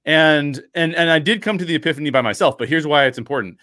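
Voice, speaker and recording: A man in his thirties, a podcast host telling a personal story with lively acted-out quotes and frequent restarts. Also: fairly high pitch, fast talker, no echo, studio quality. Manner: animated storyteller acting out quotes, many restarts.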